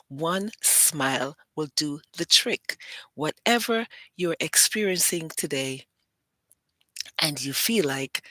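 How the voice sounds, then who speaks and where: A woman hosts her own show in an easygoing, rambling chat, drawing out her words at an unhurried pace. Her voice is bright and forward, and the recording is dry with almost no room sound. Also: deep voice, no room sound. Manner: chatty, rambling, playful. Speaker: host and publisher. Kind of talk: casual livestream talk.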